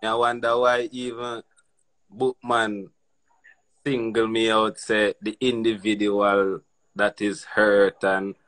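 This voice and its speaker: A man with a Jamaican accent in a casual patois chat, easygoing and quick to laugh. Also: fairly low pitch, flat delivery, a bit bright.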